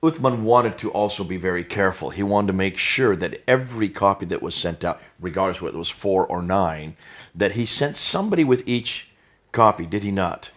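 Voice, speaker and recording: A man's voice: sits low, expressive, a little fast, a bit bright. An American man co-hosting a discussion, asking leading questions and methodically listing points with emphasis. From United States. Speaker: co-host. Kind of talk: apologetics discussion.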